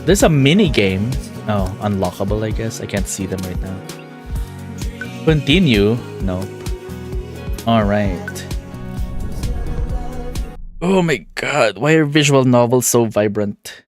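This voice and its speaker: A man's voice: lowish voice, expressive, takes it slowly, pauses often, music in the background. A man streaming a visual novel, commenting casually and chatting with a laugh. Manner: chatty, laughing, self-deprecating. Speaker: game streamer.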